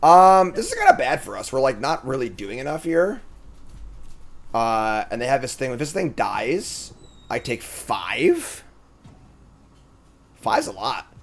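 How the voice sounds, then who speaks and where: A man's voice: medium pitch, big pitch swings, measured pace, vocal fry, long pauses. A man streaming a card game, thinking aloud in casual commentary and trailing off with fillers.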